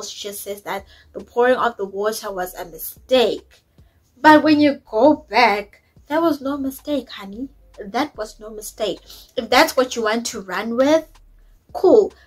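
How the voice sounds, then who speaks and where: A woman's voice: medium pitch, fairly bright tone, poor audio. A woman, chatting opinionatedly as she recaps a reality show episode, dropping in isiZulu words. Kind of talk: casual recap chat.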